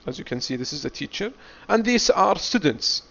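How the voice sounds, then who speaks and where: A man teaching an English class, drilling words slowly and often asking "what?" before answering his own question. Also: high-pitched, very animated, gravelly, fairly bright tone. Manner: slow, deliberate drilling, asks himself "what?" and answers. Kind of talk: classroom lecture. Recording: dull lo-fi recording.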